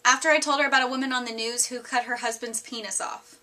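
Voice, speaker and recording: Young woman vlogging, high bright voice, upbeat and playful, chatty. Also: quick pace, few pauses. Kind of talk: casual vlog narration.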